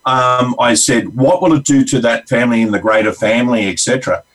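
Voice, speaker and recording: A man's voice: medium pitch, brisk, fairly bright tone, distant mic, rough recording. A man with an Australian accent, a regular counselor on a radio show, telling rambling stories with acted-out quotes. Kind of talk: casual on-air storytelling.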